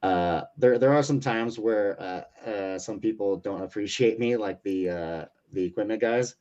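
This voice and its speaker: A man's voice: on the low side, moderate pace, darkish tone. A man in his thirties, a fighter, telling a story in a casual interview, swearing freely and rambling with lots of fillers. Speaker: UFC lightweight fighter, interview guest. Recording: muffled lo-fi audio.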